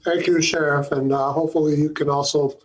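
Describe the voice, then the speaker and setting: A man chairs a legislative hearing, calling up witnesses politely and pausing often on fillers. His voice sits a little high and has a husky edge. His manner is courteous and unhurried. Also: level tone, poor audio. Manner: courteous, hesitant, many fillers. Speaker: committee chair.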